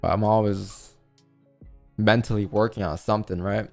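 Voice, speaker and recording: Low-voiced man coaching on a livestream. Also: steady tone, creaky, faint music behind. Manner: coaching with rapid rhetorical questions. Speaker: livestream trading host. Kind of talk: casual livestream commentary.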